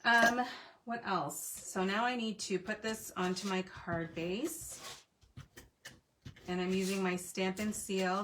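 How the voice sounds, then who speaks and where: A woman's voice: medium pitch, fairly even intonation, slow pace, a bit bright, a little hiss or hum. A woman in her thirties hosting a card-making live stream from her home craft desk, chatting playfully with viewers as she works. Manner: chatty, playful, talks to viewers while working. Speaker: card-making livestream host. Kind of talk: casual crafting demo chat.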